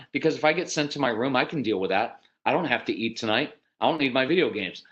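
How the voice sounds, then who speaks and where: A man's voice: mid-range voice, fairly bright tone, low-quality recording. A man giving parenting advice over a video call, talking conversationally and loosely, sometimes with his eyes closed, and now and then acting out a parent or a child. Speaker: parenting speaker.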